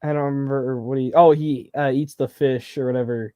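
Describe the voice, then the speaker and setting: A young man chatting easily among friends, relaxed and unhurried in his speech. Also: medium pitch, no room sound, faint music behind. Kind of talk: casual chat.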